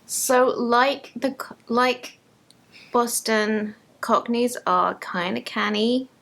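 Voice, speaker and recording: A woman's voice: on the high side, slow pace, fairly bright tone. A woman co-hosting a tipsy casual chat, dry and teasing in her replies. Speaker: co-host.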